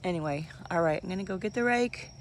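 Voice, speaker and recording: A vlogger talks fast in a fairly low voice over slight background noise, camera held close to her face as she works in the yard. Chatty and rambling, she laughs frequently and is occasionally out of breath.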